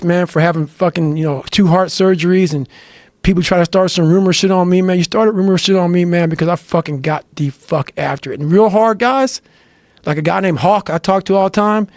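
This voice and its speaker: A man's voice: high voice, gravelly, a little mellow, dry recording, clean studio sound. A man telling motivational stories as a podcast guest, intense and blunt, swearing in almost every sentence. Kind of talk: profane motivational storytelling.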